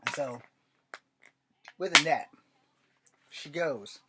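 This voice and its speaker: A man's voice: on the high side, lively intonation, drawn-out words, very noisy. Rambling, profane man recapping his story. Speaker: writer and channel host. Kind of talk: casual storytelling vlog.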